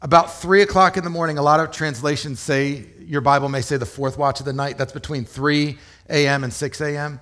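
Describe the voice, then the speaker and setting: A pastor delivers a relaxed, conversational sermon, explaining scripture plainly and often putting rhetorical questions to his listeners. His voice sits fairly high for a man, and he speaks briskly.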